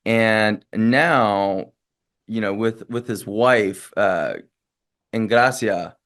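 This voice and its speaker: A man's voice: fairly low pitch, extremely slow, a bit bright. A man hosting a casual podcast, speaking in a friendly, rambling way with frequent restarts. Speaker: podcast host.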